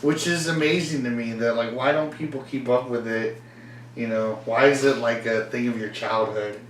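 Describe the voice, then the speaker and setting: A young man hosts a podcast, chatting casually and rambling, laughing often and acting out the voices of people in his stories. His voice has a medium pitch, fairly even intonation, and moderate pace. The room is echoey, recorded from far off with faint noise.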